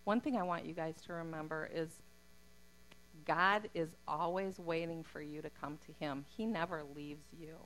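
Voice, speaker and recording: Woman, middle-aged, low voice, faith testimony, earnest storytelling. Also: fairly even intonation, moderate pace, a bit bright, poor audio. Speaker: speaker giving a testimony.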